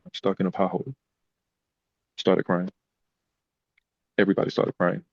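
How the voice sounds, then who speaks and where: A man's voice: low-pitched, moderate pace, gravelly, dry recording, muffled recording. A man, a podcast guest, telling personal stories in a casual, emotional way. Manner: emotional, animated retelling. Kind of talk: casual storytelling.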